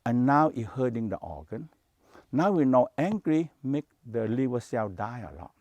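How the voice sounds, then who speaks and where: A man leads a Taoist practice session, his English clipped into short, repeated phrases with non-native grammar. His pitch swings widely as he explains, and the sound is dry and close with no room around it. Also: sing-song, normal speed, a little mellow, no echo, highs cut off. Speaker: Taoist meditation teacher. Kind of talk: spoken teaching to a workshop.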